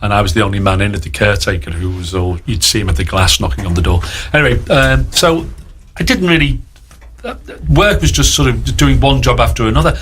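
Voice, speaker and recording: A Liverpool man in his sixties, speaking with a local accent, guests on a radio interview and spins rambling show-business stories, repeatedly acting out other people's lines. His voice is lowish and fairly bright, with lively intonation and a fairly quick pace. There's a little hiss or hum in the recording.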